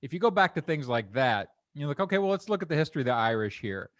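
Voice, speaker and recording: A man's voice: fairly high pitch, big pitch swings, fast talker, dry recording. A man hosting a podcast, musing reflectively in casual conversation. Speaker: podcast host.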